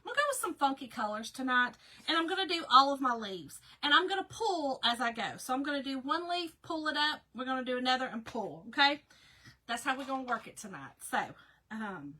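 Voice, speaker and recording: A woman's voice: high-pitched, lively intonation, a little fast, pushed and bright, poor audio. A middle-aged woman, chatting casually with viewers while hosting a craft livestream. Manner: chatty, talks to viewers by name. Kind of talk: casual chat.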